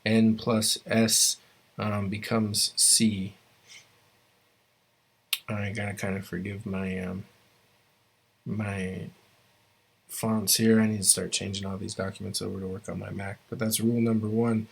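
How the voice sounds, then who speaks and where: Guy with a lowish voice teaching a language class over a computer mic, lots of ums and restarts. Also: unhurried, gravelly, pauses often, slightly rough. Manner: relaxed, many fillers and restarts. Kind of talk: online class lecture.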